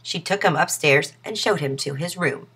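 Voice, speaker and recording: A woman reading a children's story aloud in an expressive storytelling manner. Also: deep voice, normal speed, husky.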